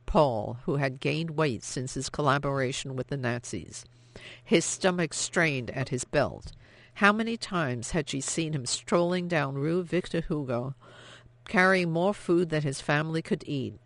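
Audiobook narrator, measured even reading, dry close sound. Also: mid-range voice, gravelly, no room sound. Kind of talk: scripted narration.

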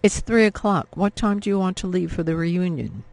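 Man doing an attentive grown son, gentle, gravelly, a bit high. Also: normal speed, no echo. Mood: caring. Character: caring adult son, attentive and upbeat.

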